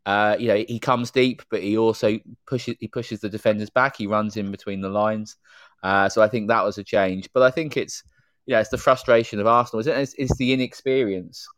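A man's voice: lowish voice, fairly even intonation, a little fast, fairly bright tone, no room sound. A man calling in to a casual football podcast, giving his opinions fluently with lots of "you know" fillers.

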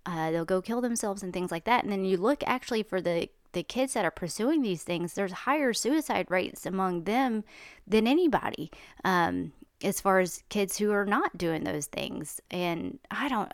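A woman's voice: fairly low pitch, no room sound, clean studio sound. A woman talking in a chatty, rambling, indignant monologue. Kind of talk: casual monologue.

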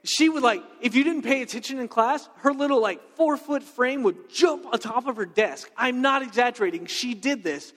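A man preaching a sermon in a conversational, animated way, full of personal stories and checking in with "right?". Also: extremely high pitch, moderate pace, hardly any pauses. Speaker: pastor. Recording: long reverb of a large hall.

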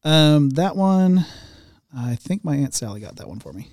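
A man hosting a podcast in casual chat, easygoing, laughing often and filling pauses with "um" and "uh". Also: fairly high pitch, very animated, a little mellow, no echo. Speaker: podcast host. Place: small podcast studio. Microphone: studio mic.

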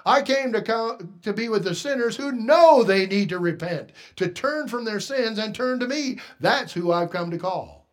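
A man preaching a sermon, emphatic, asking the congregation rhetorical questions and swinging between hushed and loud delivery. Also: high voice, animated, normal speed, hardly any pauses.

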